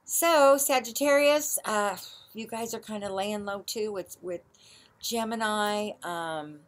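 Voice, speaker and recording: A woman's voice: mid-range voice, slow. A middle-aged woman astrologer talking casually to her viewers, rambling with lots of fillers, recorded in a barn. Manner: rambling, many fillers like "you know" and "um".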